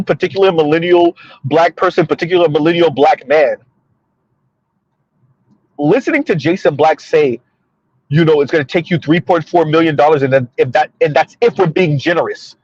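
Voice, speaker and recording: A man's voice: fairly high pitch, moderate pace, a little mellow, no echo, lo-fi sound. A man in his thirties giving casual livestream commentary, rambling and repeating himself, laughing at his own jokes.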